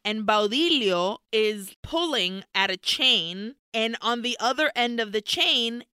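Bright, crisp-voiced woman recapping a film. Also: a little high, takes it slowly, no echo, clean studio sound. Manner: animated, profane storytelling with Spanish slipped in. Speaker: podcast co-host.

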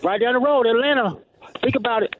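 Lively truck-driver caller on the phone. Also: male voice, extremely high pitch, a little fast. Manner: lively, colloquial, teasing. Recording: tinny phone line with faint noise.

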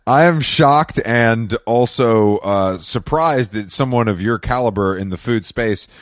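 A man's voice: mid-range voice, slow pace, no room sound, studio quality. A man co-hosting a podcast, teasing his partner in playful, slangy banter. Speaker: podcast co-host. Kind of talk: casual banter.

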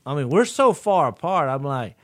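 A man's voice: on the high side, normal speed, no room sound, studio quality. A man, a podcast co-host telling a story in casual chat and laughing along with it. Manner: animated, laughs through his own story.

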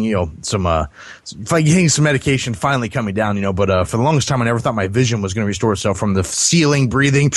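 Male podcast storyteller, casual and rambling, close dry recording, mid pitch. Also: dry recording. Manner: rambling, many fillers and restarts.

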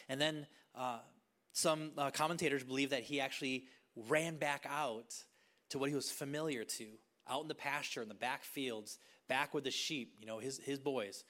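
Male pastor, middle-aged, slightly high voice, casual conversational preaching with acted-out dialogue. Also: fairly bright tone. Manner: conversational, acts out voices, many restarts. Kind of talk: sermon.

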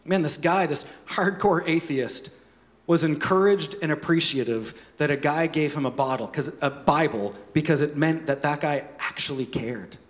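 A man preaching a sermon as pastor, animated, with joking asides and repeated words. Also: on the high side, moderate pace.

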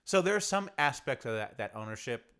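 A man co-hosting a casual basketball podcast, animated and laughing often. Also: mid-range voice, a little fast, clear, resonant tone. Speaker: podcast co-host. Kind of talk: casual sports chat.

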